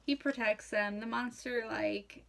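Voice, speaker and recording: A woman's voice: on the high side, fairly even intonation, measured pace, gravelly, fairly bright tone. Drunk young woman, slurring, swearing, rambling storyteller, casual chat. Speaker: comedic host retelling a novel.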